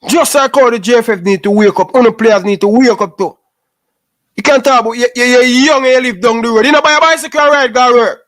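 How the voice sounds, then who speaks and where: A man's voice: very high voice, quick pace, a bit bright. A Jamaican man giving an impassioned, preachy rant in patois, scolding young footballers and repeating his points.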